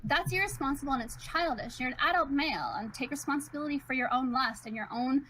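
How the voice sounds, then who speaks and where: A woman's voice: high-pitched, quick pace, sharp tone, slight background noise, poor audio. A woman with a slight unusual accent in a heated online debate, lecturing indignantly and repeating her points when pressed. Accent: slight unusual accent, unnamed. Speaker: debate guest.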